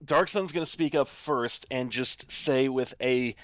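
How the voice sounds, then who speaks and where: A man playing in a tabletop game, joking around in animated table talk. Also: medium pitch, measured pace, no echo, dull audio. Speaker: player.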